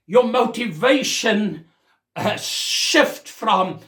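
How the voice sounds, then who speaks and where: A man's voice: sits high, sing-song, slow, fairly bright tone, echoey room. A man preaching a sermon as senior pastor, with a South African accent, exclaiming as he goes.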